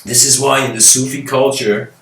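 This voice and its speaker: A man giving a spiritual lecture by telling a story, rambling and animated, often restarting and adding "like" and "you know". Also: mid-range voice, moderate pace. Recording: echoey room, mic at a distance.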